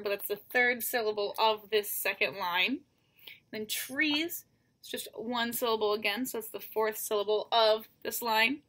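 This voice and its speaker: Patient woman teacher, slightly high voice. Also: a bit bright. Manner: patient, counts out syllables one by one; addresses students directly. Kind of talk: recorded lesson explanation.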